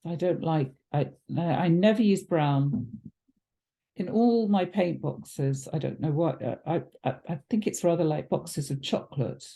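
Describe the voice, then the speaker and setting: A woman giving a relaxed watercolour painting demonstration, chatty and thinking aloud with ums and self-corrections. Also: low voice, unhurried. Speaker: watercolour art teacher.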